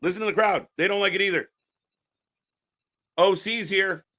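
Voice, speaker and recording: A man ranting on a live stream as a wrestling commentator, profane and mocking, swinging between muttering and shouting. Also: high voice, moderate pace.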